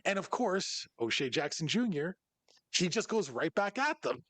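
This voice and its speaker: A man hosting a podcast in casual chat, telling stories in an animated way. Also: fairly high pitch, normal speed, dry recording. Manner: animated storyteller who acts out other people's lines. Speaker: podcast host.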